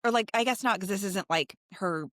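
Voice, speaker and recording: A woman's voice: mid-range voice, fairly quick, a bit bright, dry recording, studio quality. A woman co-hosting a podcast who reacts with sarcastic, incredulous remarks in casual chat. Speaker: podcast co-host.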